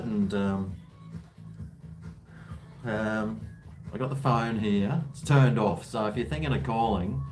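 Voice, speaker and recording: A man, hosting a casual home livestream, tired and rambling with many fillers and restarts. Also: mid-range voice. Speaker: livestream host. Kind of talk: casual livestream chat while drinking.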